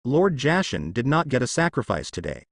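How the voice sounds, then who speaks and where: A man's voice: mid-range voice, big pitch swings, normal speed, creaky, dry recording, studio quality. A man voicing a sadistic, bloodthirsty male zealot with a sneering manner in a fan-fiction audio story.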